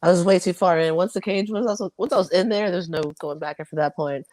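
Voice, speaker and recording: A woman's voice: fairly low pitch, fast talker, darkish tone, no room sound. A young woman, a fighter, chatting casually in an interview and laughing easily. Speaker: MMA fighter, guest.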